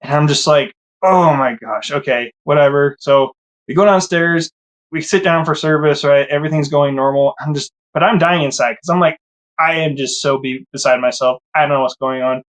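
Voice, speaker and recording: A man telling his own story in a casual, animated way, acting out his past thoughts with sudden rises in pitch. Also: normal speed.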